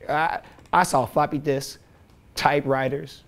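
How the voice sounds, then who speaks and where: A man's voice: a little high, fairly even intonation, measured pace. A man, telling loose, profane stories in an interview and laughing often. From west side of Chicago. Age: late 20s. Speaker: rapper and producer, interview guest. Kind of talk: casual storytelling interview.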